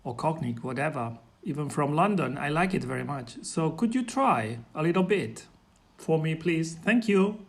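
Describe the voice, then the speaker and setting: A man's voice: a little high, expressive, moderate pace. A man in casual chat, speaking hesitantly, repeating and restarting words, making polite requests. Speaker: listener asking for feedback.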